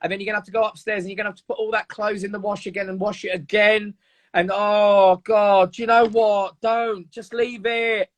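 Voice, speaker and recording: A man's voice: high-pitched, level tone, brisk, voice pushed up, close to an everyday voice. A man voicing his own lazy inner voice as a whiny, coaxing male figure.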